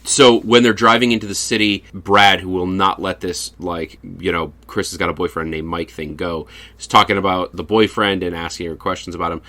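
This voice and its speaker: A man co-hosting a podcast in casual chat, excitable, swearing freely and laughing often. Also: low-pitched, brisk, no room sound. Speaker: podcast co-host.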